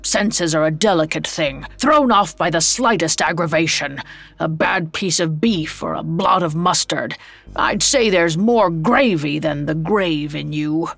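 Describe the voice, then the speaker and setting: A woman's voice: low-pitched, measured pace, gravelly, a bit bright, soft background music, full character voice. A woman voicing a miserly, skeptical old businessman who scoffs and brushes things off, in an audio drama reading. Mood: scoffing. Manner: scoffing, stubborn, dismissive.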